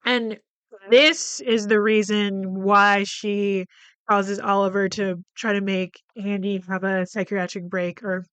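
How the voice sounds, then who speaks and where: A podcast host with a medium-pitched, clear, resonant voice casually runs through a movie's plot, cursing freely, quoting lines, and filling gaps with verbal fillers. The sound has no echo.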